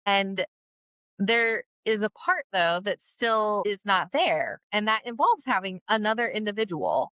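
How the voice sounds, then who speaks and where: A woman's voice: mid-range voice, lively intonation, a little slow, bright, forceful tone, dry recording. Earnest, reflective woman podcast co-host. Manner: reflective, filler-heavy, earnest. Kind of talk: casual podcast chat.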